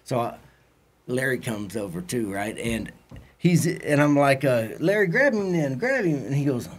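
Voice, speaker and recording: A husky, mid-range male voice with big pitch swings delivers a casual podcast story at a moderate pace. The man speaks with a Texan accent, rambling and profane, and acts out the quotes of others in his anecdote.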